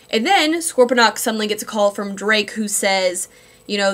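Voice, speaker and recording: A woman's voice: medium pitch, brisk, a bit bright. A woman talks through a comic book review in a loose, unscripted way, filling gaps with ums and likes. Her tone leans dry and sarcastic, and she records at home. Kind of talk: casual spoken review.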